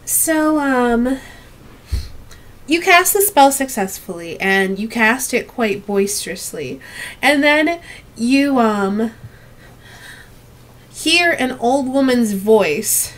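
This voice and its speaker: A young adult woman narrating a tabletop game as game master, unhurried and with frequent ums. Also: on the high side, expressive, a bit bright.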